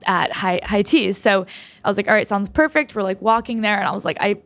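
A woman's voice: medium pitch, fairly even intonation, a bit bright. Young woman rambling through a heartfelt story. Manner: rambling, heartfelt, halting with many restarts. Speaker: podcast host. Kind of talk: casual podcast storytelling.

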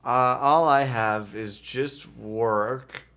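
A man's voice: medium pitch, extremely slow, a bit bright. Joking, rambling young man co-host. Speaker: podcast co-host. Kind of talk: casual chat.

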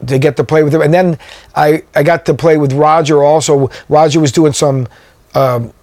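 A man's voice: fairly high pitch, fairly even intonation, moderate pace, a little mellow, dry recording. A man, a touring drummer, telling stories in a casual interview, rambling with many fillers and restarts. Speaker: guest drummer.

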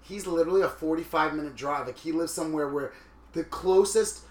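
A man in his thirties, co-hosting a casual podcast chat, telling stories in a flamboyant, animated way and acting out the people he quotes. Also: a little high, brisk, echoey room. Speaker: podcast co-host.

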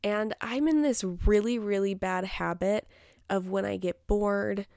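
A woman's voice: medium pitch, unhurried, vocal fry, a little mellow, no room sound. Young woman rambling on her solo podcast, self-deprecating, close dry sound, no room at all. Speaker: podcast host. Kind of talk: casual solo podcast chat.

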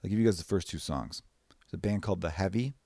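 A man hosting a podcast, rambling casually and profanely, short of breath and jumping into high mock voices. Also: quick pace, vocal fry, no room sound, studio quality. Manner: profane, rambling, animated bursts into high-pitched mimicry. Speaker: podcast host. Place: away from his usual recording space.

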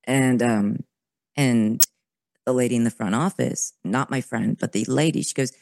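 A woman in her forties, a podcast guest, telling a personal story in an animated way, with many restarts and quoted asides. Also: a bass voice, normal speed, gravelly, no room sound. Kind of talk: conversational interview storytelling.

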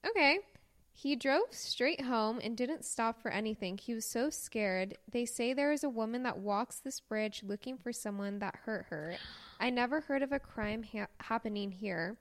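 A woman's voice: a little high, moderate pace. A woman co-hosting a podcast who reads listener stories aloud, gasping and exclaiming often. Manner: excitable, gasps and exclaims. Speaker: podcast co-host. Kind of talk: casual chat, reading listener stories aloud.

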